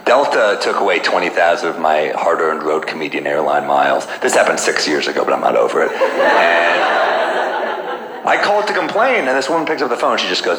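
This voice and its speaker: Deep-voiced stand-up comic, dry and sarcastic. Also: male voice, very animated, brisk, roomy sound, a crowd in the background. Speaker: stand-up comedian. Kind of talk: stand-up routine. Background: audience laughter.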